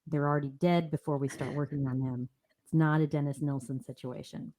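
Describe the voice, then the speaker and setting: Woman, fifties, low voice, podcast co-host, casual true-crime chat, jokey. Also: steady tone, a little fast, dark tone. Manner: joking, slips into silly put-on voices.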